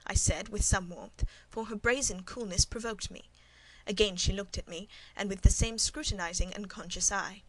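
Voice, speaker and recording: A woman reading a classic novel aloud as first-person scripted narration, measured and even. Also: mid-range voice, poor audio. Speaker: audiobook narrator.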